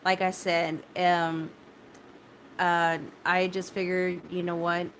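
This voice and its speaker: A woman with a somewhat low voice talks straight to her viewers, shaken but steadying herself. She restarts her sentences often and swears bluntly. A faint hiss sits behind her. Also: flat delivery. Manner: halting and repetitive, many restarts and fillers, blunt swearing. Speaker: vlogger recounting a personal ordeal. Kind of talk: casual spoken personal story.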